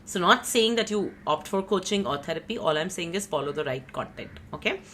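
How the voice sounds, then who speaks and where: Chatty woman, lowish voice. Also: animated, a little fast, a bit bright, a little hiss or hum. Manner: chatty, rambling, self-teasing, frequent "you know" and "like". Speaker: tarot reader. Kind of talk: casual tarot reading monologue.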